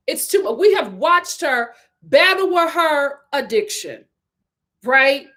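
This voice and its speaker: A woman giving a sassy, emphatic live review of a reality TV show, often repeating her points for effect. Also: high voice.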